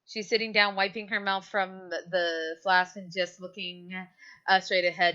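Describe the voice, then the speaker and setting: A woman's voice: on the low side, level tone, moderate pace, bright, forceful tone, clear, resonant tone. A woman narrating a tabletop game as game master, casual and humming while she thinks. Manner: casual, filler-heavy, hums while thinking. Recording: dull lo-fi mic.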